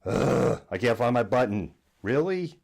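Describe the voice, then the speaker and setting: A man hosting a live political news stream from a home studio, talking in a sarcastic, animated way and often slipping into mocking imitations. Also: mid-range voice, measured pace, gravelly. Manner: sarcastic, acts out imagined voices.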